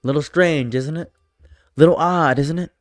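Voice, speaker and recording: A man's voice: moderate pace, no room sound, clean studio sound. A man delivering a sarcastic, exasperated political commentary rant, jumping his voice up for mocking asides. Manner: sarcastic, exasperated, swings pitch for mock voices. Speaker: commentary streamer.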